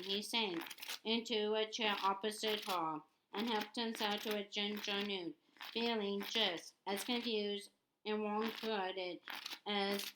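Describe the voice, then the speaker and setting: Woman reading aloud haltingly, noisy background. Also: mid-range voice. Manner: halting, often repeats and restarts words. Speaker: audiobook reader. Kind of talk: unrehearsed read-aloud narration. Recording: steady background noise.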